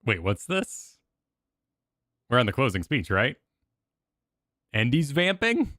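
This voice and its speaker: Lively, rambling young man streaming. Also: mid-range voice, slow pace, no echo, studio quality. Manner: rambling, animated, full of restarts and filler. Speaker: streamer reacting to event videos. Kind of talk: casual reaction chat.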